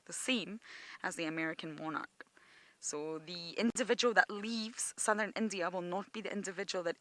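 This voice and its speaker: A woman's voice: on the low side, fairly bright tone, no room sound. A woman from Britain, guiding a live outdoor game drive and explaining wildlife with enthusiasm. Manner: enthusiastic, explaining nature facts to viewers. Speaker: safari guide.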